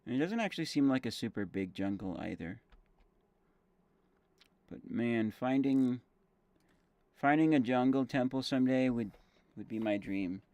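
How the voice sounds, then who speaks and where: A man's voice: mid-range voice, lively intonation, measured pace, pauses often, darkish tone, no room sound. A man casually commentating his game stream, thinking aloud with fillers and self-corrections while chewing gum.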